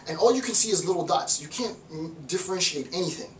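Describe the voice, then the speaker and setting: Animated male lecturer in an echoey room. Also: fairly high pitch, fast, a little hiss or hum. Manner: animated, repeats words, acts out little voices. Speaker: philosophy lecturer. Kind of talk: informal lecture. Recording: roomy echo, mic far off.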